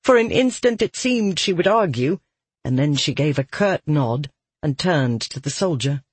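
A man reading a fantasy audiobook aloud in a measured, steady narration. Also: fairly high pitch, slightly rough, dry recording.

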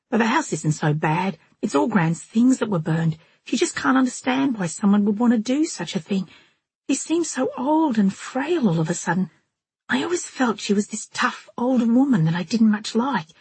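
A woman reading the part of an earnest, upset teenage girl who confides in a rushed, emotional way, with a husky voice. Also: a little high, lively intonation, darkish tone, no room sound, pitched above the performer's own voice.

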